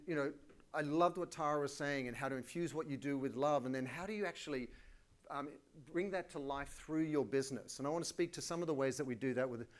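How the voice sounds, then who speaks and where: A middle-aged Australian man giving a live conference keynote, energetic and colloquial, with self-deprecating asides. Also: medium pitch. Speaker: keynote speaker.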